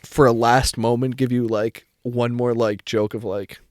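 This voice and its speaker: A man's voice: mid-range voice, little pitch movement, measured pace, darkish tone, no room sound, clean studio sound. A young man co-hosting a podcast, rambling in casual chat and acting out quotes. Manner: rambling, lots of "like", acts out quotes. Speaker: podcast co-host.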